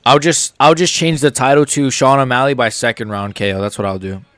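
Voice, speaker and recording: A man's voice: medium pitch, steady tone, a little fast, fairly bright tone, no room sound. A young American man hosting a live stream, reacting to fights in a rambling, casual, jokey way.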